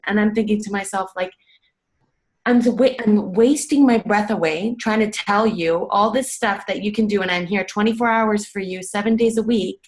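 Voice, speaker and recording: A woman's voice: medium pitch, normal speed. A woman coach on a casual team call, venting bluntly and swearing freely.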